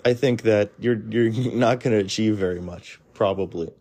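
Dude ranting casually, lowish voice, mellow, lots of you know and restarts. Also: male voice, moderate pace. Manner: blunt, rambling, frequent restarts and "you know" fillers. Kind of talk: casual opinionated monologue.

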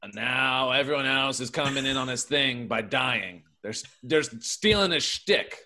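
Brief: bright-toned, animated man in an improv podcast. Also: mid-range voice, measured pace. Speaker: comedy podcast performer. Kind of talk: improv comedy sketch.

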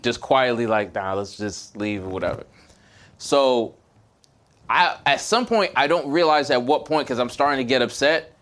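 A young man casually telling a story on a podcast, getting loud and heated as he acts out an argument. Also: mid-range voice. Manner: animated storyteller, gets loud and heated when retelling the fight.

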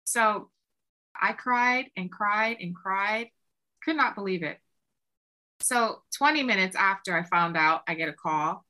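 A woman with a bright, forceful voice tells her story in a relaxed interview. She talks casually and animatedly, slipping into quoted exchanges with lots of "like" along the way. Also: medium pitch, measured pace. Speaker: songwriter and producer guest.

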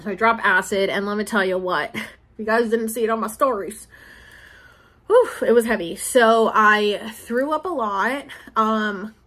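A woman's voice: mid-range voice, a little slow, fairly bright tone. A young woman in her twenties talking casually and emotionally, rambling with many fillers as she shares a personal spiritual update. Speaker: spiritual vlogger and podcaster.

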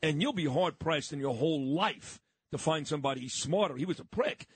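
Brash New radio host, husky. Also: male voice, fairly high pitch, animated, a little fast, no room sound. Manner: brash, teasing, swears freely, interrupts. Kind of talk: talk radio banter.

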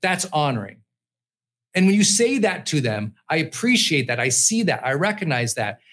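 A middle-aged man hosting a podcast, giving an energetic, emphatic motivational talk and listing numbered points. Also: on the high side, moderate pace. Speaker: podcast host.

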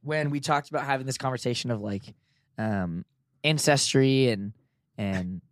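Man, podcast co-host, teasing banter, dry close mic, mid-pitched voice. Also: moderate pace, no echo. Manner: joking, teasing, tells anecdotes. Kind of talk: casual chat.

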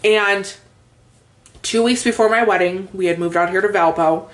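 A woman's voice: mid-range voice, normal speed. Young woman, podcast co-host, candid storyteller who swears freely and says "like" a lot; casual chat.

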